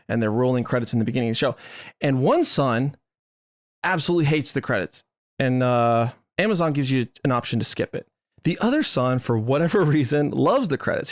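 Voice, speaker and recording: Animated man hosting a motivational podcast. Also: medium pitch, no echo, studio quality. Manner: animated, keeps checking in with "right?". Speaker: podcast host.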